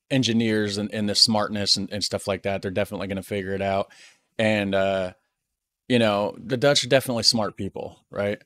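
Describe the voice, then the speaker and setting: American male host, casual reaction talk, fairly low voice, dry recording, stumbles and repeats words. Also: a bit bright, dry recording. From United States. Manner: chatty, repeats words when thinking aloud.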